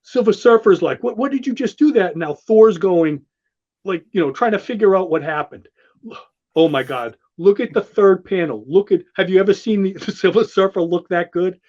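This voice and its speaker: A man hosting a show, gushing excitably in casual commentary that rambles with restarts. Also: high voice, moderate pace. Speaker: show host walking through a comic. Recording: dull lo-fi sound.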